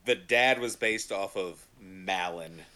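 A male podcast co-host with a low but bright voice. He speaks in a knowledgeable way, listing details at length. The sound is dry and close, with no room echo. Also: slow pace. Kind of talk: casual podcast chat.

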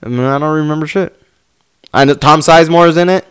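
A man telling stories in casual chat, animated, acting out what people said, swearing and laughing a lot. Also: a little high, fast, clean tone.

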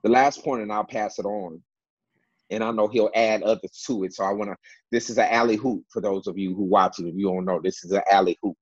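A man with a low, husky voice explains Bible passages in a panel discussion. He presses his points by repeating key words and fills pauses with "uh". The sound is dry and dull, like a lo-fi recording. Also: fairly even intonation, no room sound. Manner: emphatic, repeats key words, many fillers. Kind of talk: Bible teaching in a panel talk.

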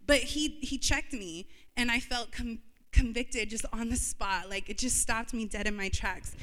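A woman's voice: a little high, unhurried, fairly bright tone. A woman in her thirties giving an emotional, confessional personal testimony as a church speaker, laughing through tears. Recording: reverberant hall.

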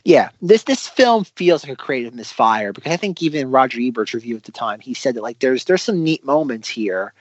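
A man's voice: medium pitch, a little fast, few pauses, no room sound. A man co-hosting a film podcast, talking casually and thoughtfully, correcting himself as he goes. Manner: thoughtful, lively, self-correcting. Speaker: podcast co-host. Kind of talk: casual film review chat. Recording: dry, slightly muffled audio.

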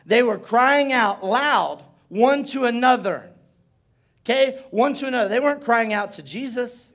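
A man preaching as pastor in a church service, telling stories with playful asides and building to loud shouts. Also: very high-pitched, unhurried. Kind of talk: sermon.

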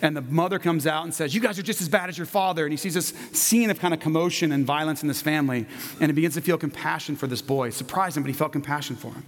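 A man preaching, telling a children's story in a gentle, narrative manner. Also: fairly high pitch, fast, long reverb tail. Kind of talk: sermon storytelling.

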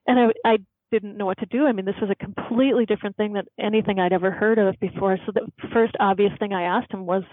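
A middle-aged woman, a podcast guest, telling a personal story in an earnest, animated way with occasional laughs. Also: mid-range voice, no echo. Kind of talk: storytelling in an interview. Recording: tinny phone-like line, dry.

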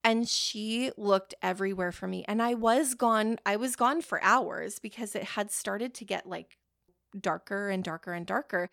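A woman's voice: mid-range voice, measured pace, gravelly, fairly bright tone, dry recording, studio quality. A woman telling a personal story in a casual, rambling way, swearing freely.

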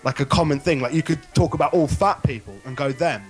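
A man's voice: fairly high pitch, fast, faint music behind. A man in casual comedy banter, mock-patronizing and sarcastic, often restarting his sentences.

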